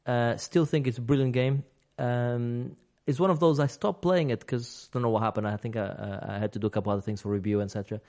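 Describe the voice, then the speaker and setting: A man chatting on a games podcast at an ordinary pitch. He rambles through his thoughts and often stops to restart a sentence. He laughs easily along the way. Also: steady tone, fast talker, hardly any pauses, a little mellow. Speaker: podcast host. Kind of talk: casual podcast chat about games.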